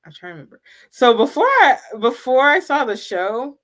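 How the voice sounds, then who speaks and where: A woman chatting casually as co-host, telling an animated story with lots of "like" and frequent laughter. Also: a little high, moderate pace. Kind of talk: casual fan chat.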